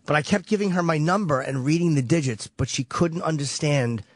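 High-voiced man telling a profane story. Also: a little fast, slightly rough, dry recording. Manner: profane, rambling, vivid retelling. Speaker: radio show regular. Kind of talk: casual radio storytelling.

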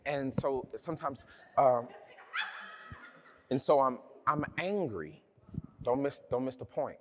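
A man's voice: mid-range voice, slow pace, slight background noise. Man preaching with chatty, funny storytelling. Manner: conversational, humorous storytelling with many restarts. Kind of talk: sermon with personal storytelling.

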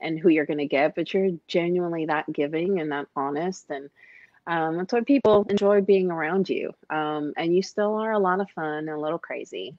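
A woman talking about her husband in a casual chat, soft-spoken and hesitant, with many fillers. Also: low voice, moderate pace, no room sound, lo-fi sound. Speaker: host's wife.

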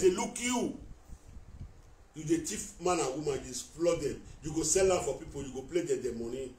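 A man with a Nigerian Pidgin accent rants on a live stream, accusing and calling out someone he speaks to directly. His voice sits fairly high and repeats points in bursts. It sounds like he is some way from the mic in a bare, echoey room. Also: animated, moderate pace, a little mellow, far from the mic, slight background noise. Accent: Nigerian Pidgin English. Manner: accusatory, repetitive, talking straight at someone. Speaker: vlogger addressing a rival on a live video. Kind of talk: heated live-stream rant.

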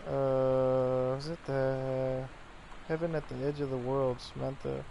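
A man giving casual let's-play commentary, excitable and profane, reading in-game notes aloud. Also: medium pitch, takes it slowly, vocal fry, highs cut off, slight background noise. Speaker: gaming YouTuber.

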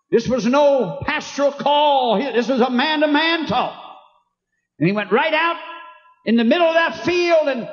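A man preaching a fiery revival sermon, shouting fervently as he tells a story. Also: very high-pitched. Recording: echoey hall, dull sound, audience.

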